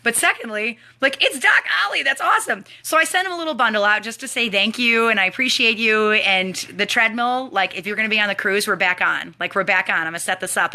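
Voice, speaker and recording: A young woman chatting animatedly as she hosts a live team training stream. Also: mid-range voice. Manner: chatty and animated, talks to viewers. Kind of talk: casual live-stream chat.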